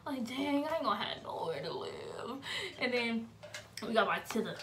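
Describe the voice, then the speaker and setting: High-voiced woman telling a story. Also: normal speed, creaky, a little hiss or hum. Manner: animated, dramatic, laughing retelling. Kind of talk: casual personal storytelling.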